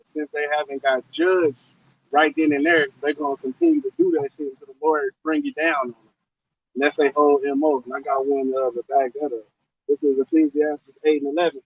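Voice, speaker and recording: Gravelly husky man, blunt and emphatic. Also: fairly high pitch, brisk, no echo, recorded from a distance, highs cut off. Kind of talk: religious commentary.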